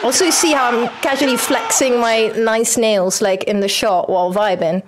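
Chatty, excitable young woman streamer. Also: a little high, moderate pace, slight background noise. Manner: excitable, chatty, talks to the game. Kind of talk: casual game commentary.

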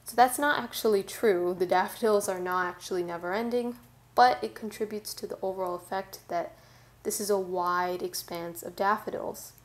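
A woman tutor giving a clear, methodical tutorial on analyzing a poem. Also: mid-range voice, fairly even intonation, normal speed. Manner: clear, methodical, friendly teaching. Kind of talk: tutorial explanation.

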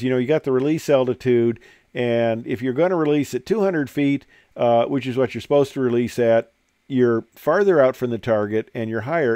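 The voice is a man's, medium in pitch, warm and clean, with no room sound at all. He's an older retired military pilot giving a presentation, telling rambling stories over slides and filling gaps with ums and uhs.

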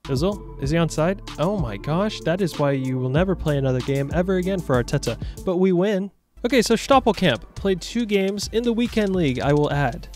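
A young man giving jokey, animated commentary over his own football video game matches. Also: high voice, brisk, faint music behind. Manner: animated, jokey, shouts at big moments. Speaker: gaming YouTuber. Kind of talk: excited gameplay commentary.

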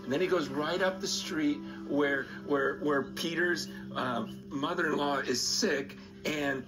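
A man preaching in a recorded sermon video, emphatic and passionate, his pitch swinging up and down. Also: a little slow, few pauses, low-quality recording. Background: music.

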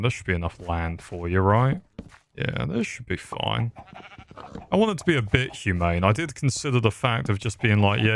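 A man's voice: medium pitch, slight background noise. A young man giving sarcastic, rambling commentary over a game, swearing often. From England. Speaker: gaming YouTuber. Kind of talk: casual gameplay commentary.

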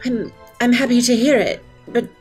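A woman's voice: on the high side, moderate pace, soft background music. A woman running a tabletop game as game master, narrating and teasing the players.

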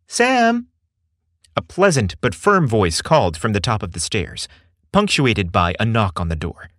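A man reads a scripted story aloud with an expressive, lively delivery. His voice sits low. The recording is dry and close. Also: normal speed, no echo. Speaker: story narrator. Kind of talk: scripted narration.

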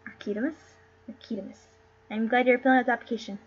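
A woman's voice: on the high side, fairly even intonation, fast talker, a little hiss or hum. A woman who streams herself reading a play aloud and chatting casually. She is giggly and rambling, and she stumbles over names. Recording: dull lo-fi stream audio.

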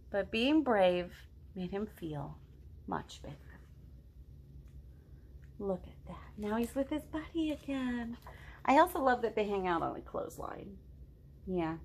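A middle-aged woman leading a children's storytime, reading a picture book aloud in a gentle, encouraging way and asking the children questions. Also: mid-range voice, gravelly, a little hiss or hum.

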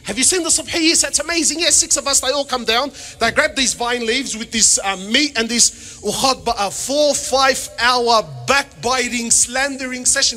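A middle-aged man giving a lively, joking sermon, dropping Arabic phrases into his English. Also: very high-pitched, moderate pace, some chatter behind. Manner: animated, jokey, mixes Arabic phrases into English. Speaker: Islamic preacher.

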